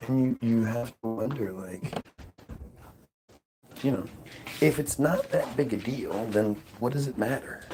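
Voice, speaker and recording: A man's voice: medium pitch, a little slow, long pauses, noisy background. A man hosting his own livestream, musing aloud in a casual, rambling and sarcastic way from home. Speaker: livestream host.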